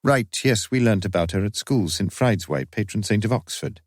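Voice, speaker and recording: Man reading earnest police sergeant, deferential and quiet, deep voice. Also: moderate pace, no echo, clean studio sound. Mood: musing.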